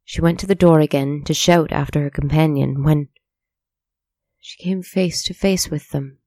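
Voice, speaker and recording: A storyteller giving steady scripted narration of a dark tale. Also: mid-range voice, normal speed, dry recording, clean studio sound.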